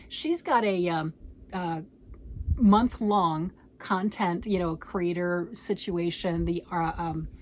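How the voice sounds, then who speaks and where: A woman's voice: lowish voice, darkish tone, a little hiss or hum. A woman vlogger in casual, rambling chat, showing off her craft projects and gushing over them.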